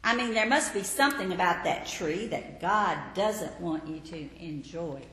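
A woman's voice: lowish voice, lively intonation, normal speed, a bit bright. Woman doing a sly serpent tempter, wheedling, falsely friendly, swoopy voice, echoey hall. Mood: coaxing. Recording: echoey hall, faint background noise.

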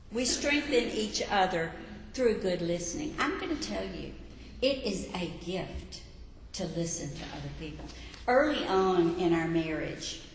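Middle-aged woman preacher, slow and deliberate, voice ringing through a big echoey hall with faint hum. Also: medium pitch. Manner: earnest, dramatic storytelling with acted shouts. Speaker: women's ministry speaker. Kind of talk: sermon.

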